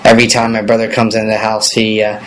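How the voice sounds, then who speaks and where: A man in his thirties, a pop singer, answering fan questions in a relaxed, rambling way, with many fillers. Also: fairly low pitch, fast talker, slight background noise, rough recording. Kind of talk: casual video Q&A.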